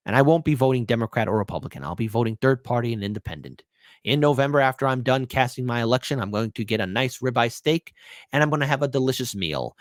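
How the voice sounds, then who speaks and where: A man at a close, dry mic reads political news in a middling voice, then cuts in with scornful, sarcastic rants. His tone swings from flat reading to loud, mocking outbursts aimed at his targets. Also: medium pitch, no room sound. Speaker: political commentary host. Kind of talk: reading news with angry commentary.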